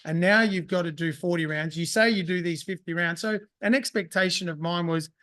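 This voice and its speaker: A man's voice: high-pitched, a little fast, a bit bright. A man in casual podcast chat, rambling and swearing as he acts out his own thoughts. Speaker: podcast guest.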